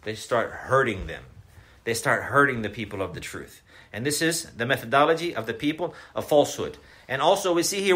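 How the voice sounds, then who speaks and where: With a mid-range, slightly bright voice, this man gives an Islamic lecture at a brisk, animated clip. He is emphatic, repeats himself, and often asks his audience questions.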